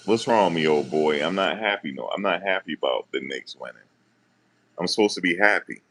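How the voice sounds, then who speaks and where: A man, talking casually and deadpan to his viewers, musing and repeating himself in slangy speech. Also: deep voice, a little fast, slight background noise. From New Jersey, USA. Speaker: vlogger. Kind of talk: casual rambling monologue.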